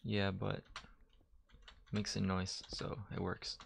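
A man's voice: low voice, monotone, takes it slowly, vocal fry, a bit bright, a little hiss or hum. A man giving casual, chatty let's-play commentary while he games, joking at himself and swearing when startled. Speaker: gamer. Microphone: desk mic, gamer wearing headphones.

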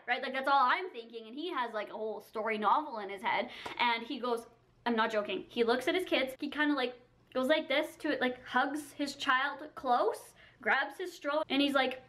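A young woman telling a storytime to camera, animated and gushing, with lots of "like" fillers. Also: high-pitched, moderate pace. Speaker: beauty vlogger.

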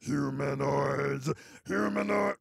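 A man doing a gravelly robot villain. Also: medium pitch, takes it slowly, no echo, studio quality, full character voice. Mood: menacing.

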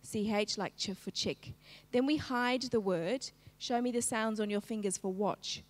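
Lady teacher running a phonics lesson, sounds out words bit by bit, kinda echoey room. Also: fairly high pitch. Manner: slow, clearly segmented sounds, prompting an unseen class. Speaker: literacy teacher. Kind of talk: live-streamed phonics lesson.

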